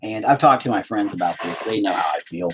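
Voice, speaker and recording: A man's voice: fairly low pitch, lively intonation, brisk, noisy background. A man talking casually to the camera in a joking, profane, sidetracked monologue while he paints. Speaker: video creator.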